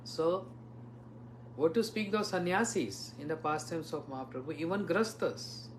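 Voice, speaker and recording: Man, monk giving a storytelling devotional lecture; voice sits a touch high. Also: animated, normal speed, slight background noise. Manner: storytelling, asks listeners rhetorical questions. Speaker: visiting monk preacher.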